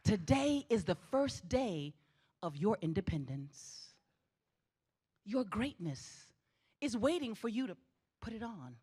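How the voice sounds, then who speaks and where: A middle-aged woman addresses graduates from a theatre stage in a mid-range, dark, slightly rough voice that is sing-song and slow, with frequent pauses. Her commencement speech is spirited, with a preaching emphasis and repeated exhortations.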